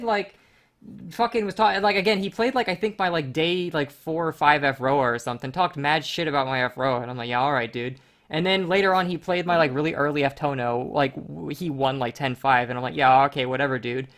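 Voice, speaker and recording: Fast-talking man in casual gaming chat. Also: fairly high pitch. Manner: animated storytelling, mocking impressions, swears a lot. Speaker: tournament stream commentator.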